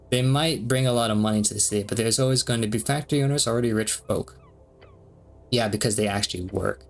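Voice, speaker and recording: A man streaming a game, reading its dialogue aloud between quick reactions and frequent laughs. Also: medium pitch, slight background noise. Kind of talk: let's-play commentary reading game text aloud.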